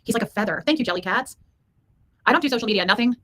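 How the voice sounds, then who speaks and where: A woman's voice: fairly high pitch, animated, rapid-fire, bright, forceful tone, a little hiss or hum. A woman hosting a casual livestream from home, reading viewers' comments aloud and chatting affectionately with them. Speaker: livestream host reading chat.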